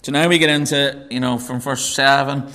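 A man's voice: fairly even intonation, moderate pace, pushed and bright. A man with a Northern Irish accent preaching a Bible teaching sermon, conversational, with joking asides. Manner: conversational, joking asides, pitch rising when stressing points.

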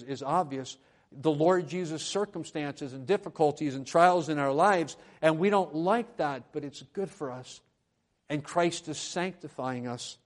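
A man preaching a sermon at a church lectern, moving between quiet conversational asides and loud, emphatic proclamations. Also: a little high. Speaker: pastor.

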